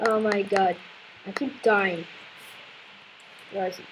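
A woman's voice: mid-range voice, fairly even intonation, slow pace, noisy background. A woman playing a video game, commenting casually and exclaiming in frustration with repeated words. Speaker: let's play gamer.

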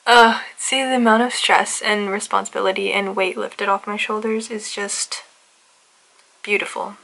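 A woman's voice: medium pitch, fairly even intonation, normal speed, vocal fry, a bit bright, low-quality recording. A young woman in her twenties talking casually to her camera, chatty and gushing, drawing out words for emphasis. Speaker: vlogger. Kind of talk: casual vlog talk to camera. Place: inside a parked car and at home.

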